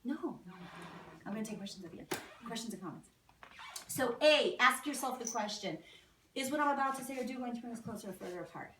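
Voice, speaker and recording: A woman's voice: a little high, animated, quick pace, a bit bright. A woman giving a talk to a live audience as a guest speaker. She keeps drawing the room in with questions. Her voice comes from a distance in an echoey hall, with a faint hiss underneath. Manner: engaging, asks the audience questions.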